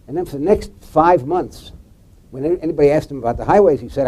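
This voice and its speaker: A man's voice: quick pace, dark tone, rough recording. A man on a forum panel telling a long political anecdote, acting out quoted lines. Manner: anecdotal, voices quotes with pitch jumps.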